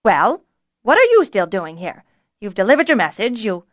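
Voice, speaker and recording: A woman's voice: mid-range voice, big pitch swings, normal speed, dry recording, studio quality, lightly acted. A woman voicing a brusque, busy female kitchen cook who scolds sharply and gets flustered. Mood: flustered bellowing.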